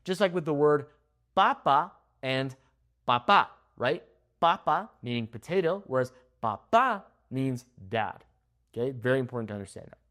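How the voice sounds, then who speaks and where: Lively young man teaching pronunciation. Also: mid-range voice. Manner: lively, drawn-out word demonstrations. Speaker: Spanish teacher. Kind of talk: pronunciation lesson. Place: in Mexico.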